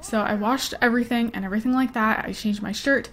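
A woman's voice: on the high side, fairly even intonation, fast, fairly bright tone, slight background noise. A young woman rambling and giggling as she plays a life-sim game, easily distracted and chatty. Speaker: gaming YouTuber. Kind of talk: rambling let's play commentary with story time.

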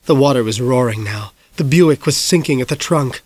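A man narrating a novel as an audiobook in measured, grave storytelling, dropping soft at the darkest moments. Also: medium pitch, no echo.

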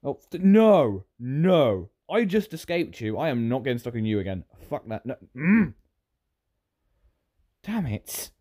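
A man's voice: medium pitch, big pitch swings, unhurried, dark tone. A British man giving rambling, self-interrupting commentary while playing a game. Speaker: gaming YouTuber. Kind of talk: Minecraft gameplay commentary.

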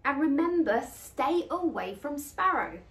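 A woman's voice: sits high, sing-song, unhurried, a bit bright, roomy sound, pitched above the performer's own voice, exaggerated voice. Woman voicing a stern snake papa. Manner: stern, commanding.

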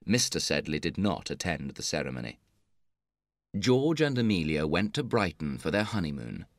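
Deep-voiced male story narrator. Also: sing-song, no echo, studio quality. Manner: measured, clear reading. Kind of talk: scripted story narration for English learners.

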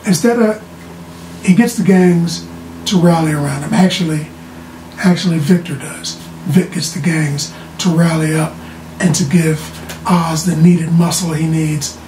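A TV show reviewer giving a casual, animated episode recap, often repeating words as they restart sentences. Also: mid-range voice, unhurried. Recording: roomy sound from a distant mic with faint background noise.

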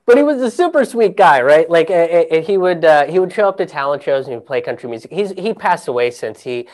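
Brief: male comic storyteller, slightly higher voice, loose and rambling, swears freely and chuckles mid-sentence. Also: lively intonation, fast talker, a little mellow. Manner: rambling, profane, laughs through his own story.

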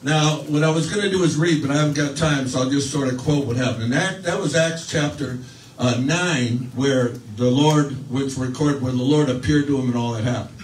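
A man's voice: medium pitch, normal speed, reverberant, distant mic, slight background noise, low-quality recording. A man preaching a sermon, telling a story in a conversational way with restarts and fillers, acting out quoted voices. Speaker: pastor.

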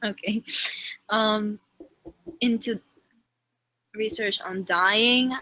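A woman reads game cards aloud slowly and haltingly over a headset. Her voice is mid-pitched and casual. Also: steady tone, pushed and bright, low-quality recording. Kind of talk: casual gaming chat.

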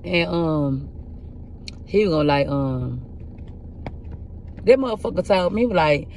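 Rough-voiced woman telling blunt stories. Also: deep voice, slow, slight background noise. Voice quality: rough, husky voice. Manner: blunt, profane, animated storytelling. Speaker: tarot reader. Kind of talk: casual tarot reading with storytelling.

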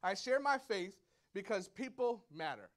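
High-voiced preacher telling animated stories. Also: male voice, measured pace, slight background noise. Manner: animated storytelling, acts out shouts and quotes. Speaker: pastor. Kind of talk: sermon. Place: church hall before a congregation.

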